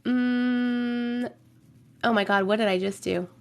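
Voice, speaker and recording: Reading her viewers' stories and chatting loosely, the young host speaks slowly in a steady, fairly high voice. It's a bit rough since she's getting over a cold, and she hums filler syllables during waits.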